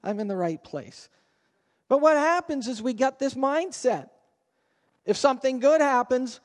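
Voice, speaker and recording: A man's voice: extremely high pitch, expressive, a little slow, long pauses, long reverb tail. A man preaching a sermon as pastor, talking conversationally and asking the congregation questions. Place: church sanctuary.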